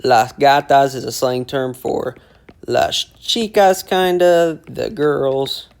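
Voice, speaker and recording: A man teaching casually, breaking phrases down slowly and repeating them word by word as he explains their meaning. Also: mid-range voice, fairly even intonation, creaky, clean tone. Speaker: language teacher explaining song lyrics. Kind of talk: casual lyric breakdown lesson.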